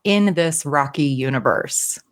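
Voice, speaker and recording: A woman's voice: sits low, animated, a little slow. A woman co-hosting a casual podcast, reading out listener comments in a playful way. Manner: playful, laughs easily. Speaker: podcast co-host.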